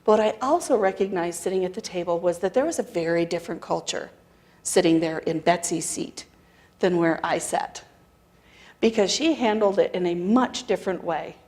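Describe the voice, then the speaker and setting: A woman's voice: lowish voice, normal speed. A woman speaker at a spiritual center telling a personal story to a congregation, acting out the dialogue with wry laughter. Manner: animated storytelling with quoted dialogue. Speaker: guest speaker. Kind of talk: storytelling talk.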